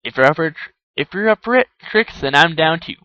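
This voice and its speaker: A man doing a gruff short-tempered griffin. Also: on the high side, lively intonation, fairly quick, bright, forceful tone, dry recording, highs cut off. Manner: gruff, edgy.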